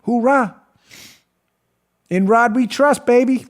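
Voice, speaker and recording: A man's voice: very high-pitched, slow. A man mimicking a clueless male official, speaking in a gleeful, mock-dramatic way. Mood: mock awe. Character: smug clueless male official gushing over a dossier.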